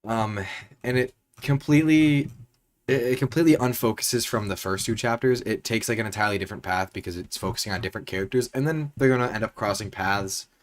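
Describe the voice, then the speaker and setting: Low-voiced young man reading his novel. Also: fast. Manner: relaxed, slangy, lots of fillers. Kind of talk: casual chat and story reading. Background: faint background music.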